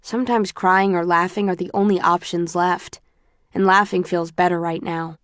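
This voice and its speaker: A woman narrating a novel in the first person, with a measured, introspective and even delivery. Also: lowish voice, clean tone, dry recording, studio quality. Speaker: audiobook narrator.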